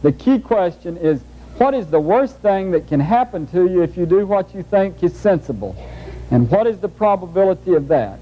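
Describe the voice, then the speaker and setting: A man's voice: high voice, sing-song, moderate pace. A man giving a lecture in a folksy, humorous storytelling manner, heard on a muffled old videotape. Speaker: speaker.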